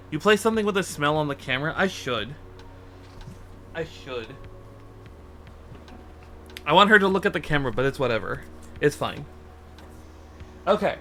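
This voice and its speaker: A man's voice: on the high side, a bit bright, slight background noise. A man streaming casually, chatting animatedly and cooing at his cat. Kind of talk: casual live-stream chat. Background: faint background music.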